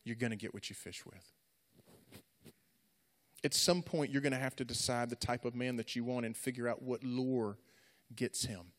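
A man's voice: mid-range voice, moderate pace, pauses often. A middle-aged man preaching to young people in an earnest, repetitive, conversational way. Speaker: youth pastor. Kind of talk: sermon. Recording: echoey hall.

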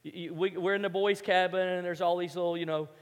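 A man's voice: high voice, fairly even intonation, quick pace, long reverb tail. A male pastor preaching a sermon in a conversational, storytelling manner.

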